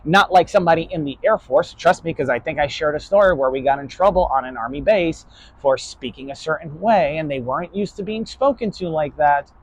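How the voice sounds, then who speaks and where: With a fairly high pitch and a brisk delivery, this New York man runs an online philosophy class. He lectures bluntly and casually, cursing freely and tacking "right?" onto almost every point.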